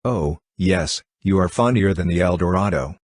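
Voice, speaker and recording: A man reading a calm, gently sarcastic young woman in an audiobook, with little change from his own voice. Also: sits low, moderate pace, dry recording, clean studio sound. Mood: cool. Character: young woman, cool and teasing.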